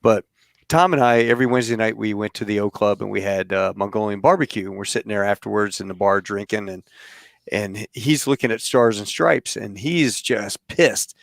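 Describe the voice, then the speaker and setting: A man in his fifties, a podcast host, telling a story in an animated, laughing way. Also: on the low side, moderate pace, vocal fry, no echo. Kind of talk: storytelling in casual chat.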